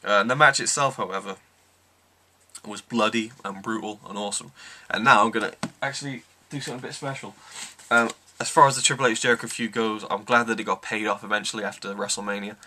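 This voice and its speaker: A man's voice: on the low side, steady tone, fast talker, bright, forceful tone, a little hiss or hum. A man giving an enthusiastic, rambling wrestling review, full of ums. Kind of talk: casual review monologue.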